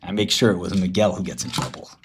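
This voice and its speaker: A man's voice: deep voice, steady tone, quick pace, slight background noise. A man chatting casually on a livestream, profane and rambling, telling stories with mock menace. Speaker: streamer.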